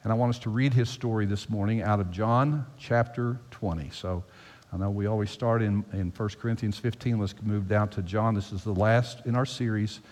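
A man preaching a sermon as pastor, emphatic and animated, repeating phrases for effect. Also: lowish voice, normal speed. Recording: long hall reverb.

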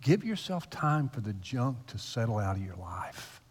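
A male pastor giving a conversational, teasing sermon in a church, his voice swinging between loud emphasis and hushed asides. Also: medium pitch, big pitch swings, normal speed, slightly rough. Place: church sanctuary. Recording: long reverb of a large hall.

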